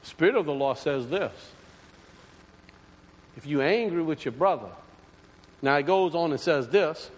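Casting: male preacher, high lively delivery, conversational sermon, long church reverb. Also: a little slow, long pauses. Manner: animated, conversational preaching with rhetorical questions. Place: church sanctuary.

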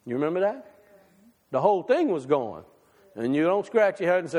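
A man preaching a sermon to his congregation, folksy and conversational, swinging between loud and quiet. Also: fairly high pitch, sing-song, moderate pace, long reverb tail. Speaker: pastor. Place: church sanctuary.

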